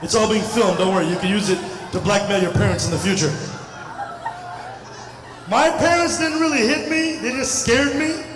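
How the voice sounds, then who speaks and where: A middle-aged man from India doing a stand-up comedy set, talking loudly and playfully to the crowd. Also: high voice, moderate pace, pauses often. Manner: loud, animated, playful crowd banter. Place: large hall at a community festival. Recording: echoey hall mic from a distance, crowd noise. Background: audience murmur and laughter.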